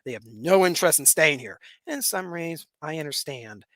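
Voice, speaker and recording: High, bright-voiced man from Western Pennsylvania. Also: expressive, moderate pace, no echo. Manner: rambling, repeats words, chuckles while talking. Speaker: podcast host. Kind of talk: solo commentary monologue.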